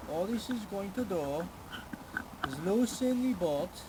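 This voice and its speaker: A man's voice: high voice, lively intonation, unhurried, very noisy. A man chatting casually while working on his car in a garage, full of crude, profane jokes and banter.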